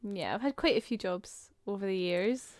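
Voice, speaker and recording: A woman chats casually on a podcast, briskly listing things off. Her voice is smooth and clear at a middle pitch, recorded dry. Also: dry recording. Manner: chatty, listing things briefly. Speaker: podcast co-host. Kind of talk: casual chat.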